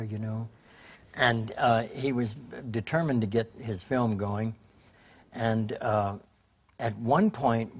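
A man in a documentary interview, telling animated anecdotes and imitating voices. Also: fairly low pitch. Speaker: interviewee, actor.

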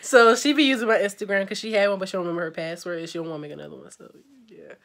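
A woman's voice: mid-range voice, steady tone, racing, vocal fry, fairly bright tone. Chatty young woman from D.C. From Washington, D.C. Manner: chatty, upbeat, reads word lists aloud. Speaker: vlogger. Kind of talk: casual chat.

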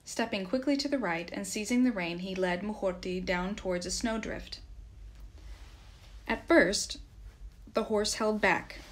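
Woman reading a story steadily. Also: medium pitch. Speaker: reader. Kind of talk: audiobook narration.

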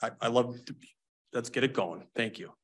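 A man making a public comment at a board meeting, emotional and pleading, speaking haltingly. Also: medium pitch, a bit bright. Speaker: member of the public.

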